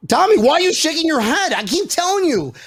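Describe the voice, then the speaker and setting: Brief: male podcast host, excitable and teasing, high-pitched with lots of fry. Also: a little fast. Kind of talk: casual sports banter.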